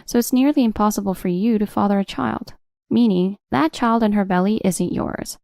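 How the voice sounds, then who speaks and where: A woman narrates a first-person family drama in a cool, steady manner. Her voice has a gravelly, creaky texture and sits in the middle of the pitch range. She was recorded on a close mic in a dry room. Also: normal speed, dry recording.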